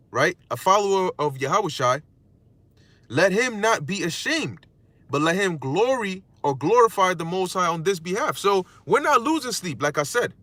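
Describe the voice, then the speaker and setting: A man preaching a casual street-style sermon, animated and slangy, sometimes mocking other people's words. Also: moderate pace, dry recording. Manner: animated, slangy, acts out insults in a squeaky mocking voice.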